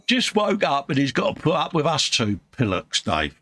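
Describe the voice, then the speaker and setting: A man's voice: mid-range voice, huge pitch swings, moderate pace, fairly bright tone. A man from the UK co-hosting a live stream, reading out chat messages in a chummy way and calling everyone mate. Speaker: co-host of a live model-building stream.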